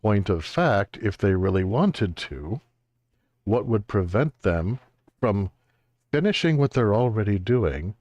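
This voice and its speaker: A man's voice: lowish voice, expressive, takes it slowly, darkish tone, dry recording. A man streaming a video game, giving wry, joking commentary with exaggerated exclamations. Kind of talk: let's-play commentary.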